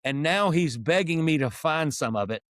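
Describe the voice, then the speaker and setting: A man's voice: on the high side, normal speed, no echo, clean studio sound. A man in his sixties, a podcast co-host and musician, telling stories in casual chat and acting out the dialogue he quotes. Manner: animated, acts out quoted dialogue.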